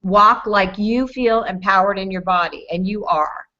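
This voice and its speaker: Woman guest, bright and crisp, upbeat coaching, lo-fi sound. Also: medium pitch, unhurried. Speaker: guest, entrepreneur. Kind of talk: interview answers. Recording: dull lo-fi audio.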